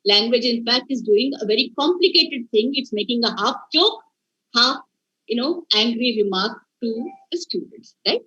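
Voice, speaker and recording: High-voiced woman lecturing over a video call. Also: expressive, normal speed, sharp tone, breathy edge. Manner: discursive, asks the class rhetorical questions. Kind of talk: online faculty workshop lecture. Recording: dull lo-fi video call audio.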